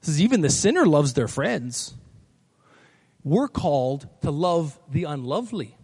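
A pastor preaching a sermon to a congregation, emphatic, repeating phrases and asking the crowd questions. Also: male voice, fairly high pitch, sing-song, a little slow, a little mellow, husky. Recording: long hall reverb.

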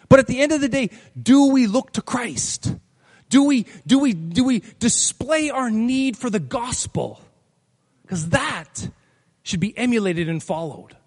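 A pastor preaching a sermon to a congregation, emphatic, repeating phrases and asking the crowd questions. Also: male voice, very high voice. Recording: long hall reverb.

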